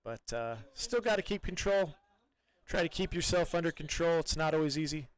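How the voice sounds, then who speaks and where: A man doing live play-by-play soccer commentary in a relaxed, chatty way, with many fillers and restarts. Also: on the high side, normal speed, clear, resonant tone.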